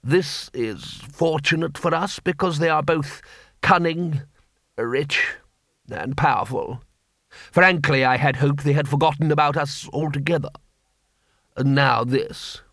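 A man's voice: fairly high pitch, unhurried, a bit bright, dry recording, clean studio sound. A man voicing a cool, cunning city ruler who speaks in precise, dryly ironic sentences.

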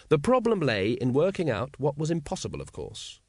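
A man's voice: on the high side, huge pitch swings, fairly quick, few pauses, darkish tone, no room sound. A man reading an audiobook as narrator in a dry, wry storytelling manner. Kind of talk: scripted narration.

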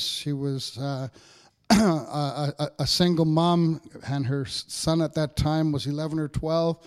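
Pastor preaching, higher-pitched man. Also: darkish tone. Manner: conversational preaching, frequent "all right" checks with the congregation. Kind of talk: sermon.

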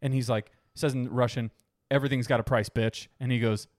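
A man co-hosting a casual movie podcast, talking in an animated way with casual swearing and quick asides. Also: medium pitch, no echo, studio quality. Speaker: podcast co-host.

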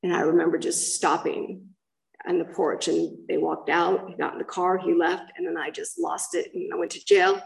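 Gravelly-voiced woman sharing a raw story. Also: lowish voice, level tone, normal speed, recorded from a distance, poor audio. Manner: rambling, candid storytelling with restarts. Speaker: recovery speaker sharing her story. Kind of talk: personal testimony.

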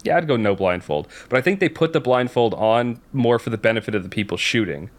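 A man's voice: mid-range voice, expressive, brisk. A man in casual chat, retelling a film's story in a rambling way with many fillers and restarts.

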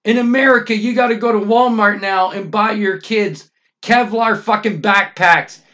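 A man's voice: sits high, normal speed, a bit bright, dull audio. A middle-aged Canadian man hosting a podcast, ranting angrily with constant swearing and emphatic outbursts. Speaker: podcast host. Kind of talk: profane ranting monologue.

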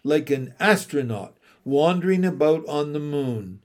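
A man narrating a children's novel in slow, deliberate, emotional storytelling. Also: fairly high pitch, expressive, darkish tone. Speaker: audiobook narrator.

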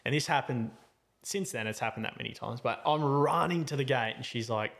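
A man's voice: medium pitch, a little fast, creaky, a bit bright. A young man, a podcast co-host, telling a story in casual chat and acting out both sides with voices.

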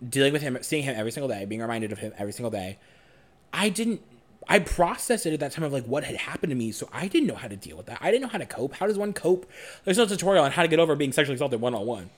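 A young man co-hosting a podcast, telling a personal story in a frank, animated way and swearing freely. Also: mid-range voice, racing. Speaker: podcast co-host.

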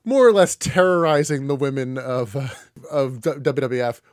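A man's voice: medium pitch, animated, moderate pace, no echo. A man co-hosting a casual podcast, recapping wrestling matches play by play with a dry, sardonic edge. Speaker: podcast co-host.

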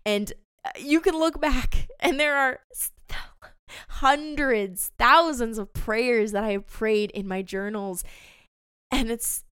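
A woman's voice: fairly high pitch, a bit bright, smooth, dry recording, studio quality. A young adult woman hosting a devotional podcast, talking earnestly and passionately to her listeners. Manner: earnest and passionate, addresses listeners as "you guys". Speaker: faith podcast host.

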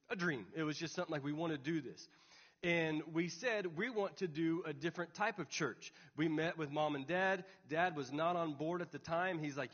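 A man's voice: on the high side, fairly bright tone. A young adult man, a pastor, telling a personal story in an earnest sermon. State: tearful. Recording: dull recording, long hall reverb.

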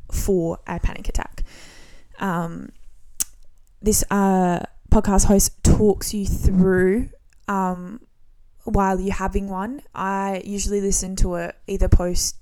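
A woman in her twenties hosting a solo podcast, talking casually in a relaxed, rambling way with frequent ums and restarts. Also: fairly low pitch. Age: 20s. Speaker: podcast host.

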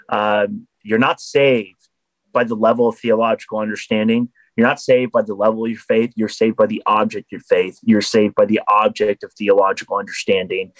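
A man's voice: lowish voice, dry recording, low-quality recording. A man, a podcast guest, talking in an earnest, explanatory way in casual conversation.

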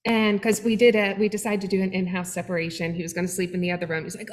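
A middle-aged woman co-hosting a faith-based talk, telling a personal story with lively, acted-out quotes. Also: medium pitch, quick pace. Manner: animated storytelling, acting out quoted voices. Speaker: webinar co-host. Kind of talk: candid faith-based conversation.

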